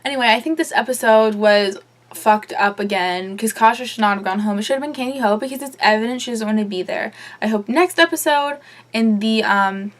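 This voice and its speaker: Young woman vlogger, kinda high voice, chatty and opinionated, swears a lot. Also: a little fast. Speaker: vlogger reviewing a TV episode. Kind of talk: casual chat.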